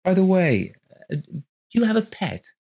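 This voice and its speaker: A man's voice: high voice, sing-song, moderate pace, creaky, darkish tone, breathy edge, pitched above the performer's own voice, full character voice. A man voicing an anxious young mother who talks politely and hesitantly, stammering as she apologizes.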